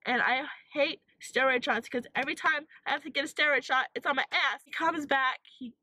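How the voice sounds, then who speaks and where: A woman's voice: high voice, a little fast. Young woman telling a sick-day storytime. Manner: animated storytelling, acts out quotes, frequent likes and laughs. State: sick with sore throat. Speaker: vlogger. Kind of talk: casual storytime vlog.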